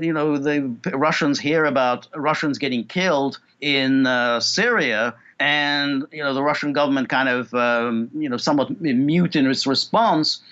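Halting male analyst over a dull line. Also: fairly high pitch, fairly bright tone. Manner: halting, many fillers and repeats. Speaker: guest analyst. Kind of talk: political interview.

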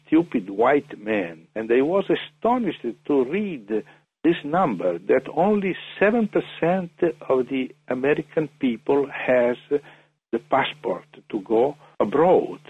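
Man, gravelly husky voice, halting with fillers, tinny dry phone line. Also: medium pitch, big pitch swings. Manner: hesitant, many fillers and restarts. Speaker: interview guest. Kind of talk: phone interview.

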